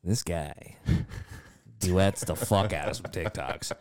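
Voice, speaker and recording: A man's voice: sits low, slow pace, a little mellow. A man in casual podcast chat who swears freely, laughs often, and mimics people. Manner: profane, laughing, mimics people in put-on voices.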